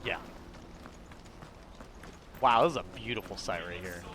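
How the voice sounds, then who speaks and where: A young gamer comments casually while playing, rambling, swearing freely, and laughing a lot. His voice is fairly low with a sharp tone, and faint music can be heard behind him.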